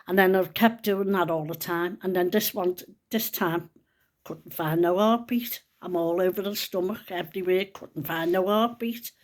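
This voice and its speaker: A woman's voice: lowish voice, normal speed. Older woman, close to tears. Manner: hushed and tearful at times, drops to whispers. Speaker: grandmother telling a personal story. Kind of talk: emotional spoken storytelling.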